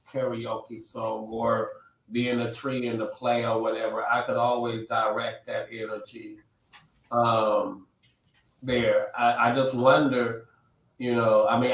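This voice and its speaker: A man musing in a halting, reflective way during a casual roundtable talk. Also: mid-range voice. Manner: halting, reflective, many restarts. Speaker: roundtable guest. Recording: roomy, distant mic.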